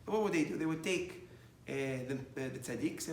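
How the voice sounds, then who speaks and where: Animated preaching man in an echoey room. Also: a little high, brisk, a little hiss or hum. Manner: animated, rising to loud emphatic bursts, many restarts. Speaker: rabbi. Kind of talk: sermon with storytelling.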